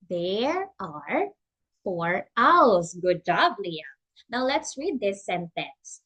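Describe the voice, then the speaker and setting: A woman's voice: fairly high pitch, big pitch swings, takes it slowly, breathy edge. A woman teaching English to a young child online, patient and encouraging, with exaggerated prompts. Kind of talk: slow demo lesson for a young learner.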